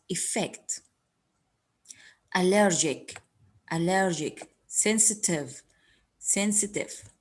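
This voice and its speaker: A woman teaching an English lesson, slowly repeating words and giving their meanings. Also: lowish voice, husky. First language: Arabic. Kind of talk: recorded classroom lesson.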